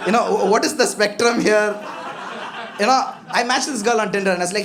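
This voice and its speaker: A man's voice: high-pitched, brisk. A young man performing a stand-up comedy set, chatty and self-mocking, often talking straight to the crowd. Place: comedy club stage with a live audience. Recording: live club with loud crowd laughter. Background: audience laughter.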